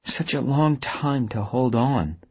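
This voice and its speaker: A man's voice: medium pitch, expressive, slow pace, a little mellow, breathy edge, no room sound, pitched above the performer's own voice, exaggerated voice. A man voicing an earnest young woman who senses a ghost, hopeful and urgent. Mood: wistful.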